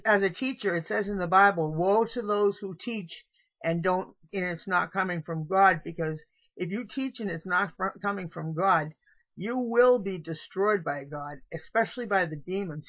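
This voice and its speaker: A middle-aged woman rambles through a confessional monologue straight to camera, circling back and restarting her thoughts. Her voice is bright and tense. The sound is dull and lo-fi, picked up by a built-in camera mic. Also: on the low side. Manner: rambling, meandering, with trailing restarts. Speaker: vlogger. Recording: dull lo-fi home video audio.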